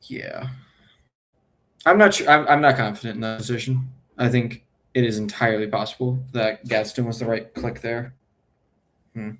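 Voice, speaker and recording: A man's voice: medium pitch, moderate pace, fairly bright tone. A man streaming his fantasy football draft, thinking aloud in a casual, hesitant way and correcting himself as he goes.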